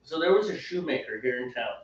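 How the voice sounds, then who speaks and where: A man co-hosting a casual homebrewing podcast, an animated storyteller who laughs and mimics voices. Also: mid-range voice, fast, a little hiss or hum. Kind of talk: casual banter. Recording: echoey room, distant mic, dull lo-fi sound.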